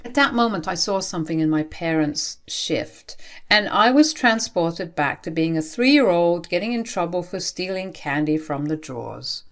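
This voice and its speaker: Expressive woman narrating her own story. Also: lowish voice, normal speed. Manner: expressive, emphatic. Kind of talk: first-person story narration.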